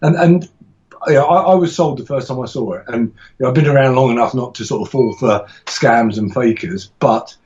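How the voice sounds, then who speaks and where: A man's voice: medium pitch, fairly quick, darkish tone, dull audio. A man talking casually as a podcast guest about teaching martial arts, rambling and enthusiastic, with frequent restarts and laughs.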